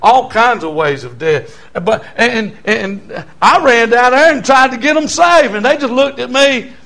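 A man in his sixties with a Southern American drawl preaches his testimony to a church congregation, and his voice sits unusually high. He tells his story in a hushed, confiding tone, then climbs to fervent near-shouts. He laughs easily between points. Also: a little slow, gravelly. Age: 60s. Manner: animated, swings from quiet storytelling to near shouting, chuckles often. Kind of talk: testimony sermon.

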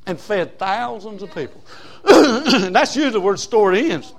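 A man preaching a sermon as pastor, folksy, swinging from loud emphasis to low asides. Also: animated, normal speed, creaky.

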